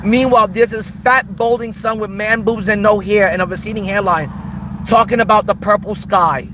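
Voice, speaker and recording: A man's voice: high voice, steady tone, normal speed, background noise. A man hosting a livestream, ranting in a taunting, mocking, repetitive way. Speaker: streamer host. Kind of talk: livestream rant.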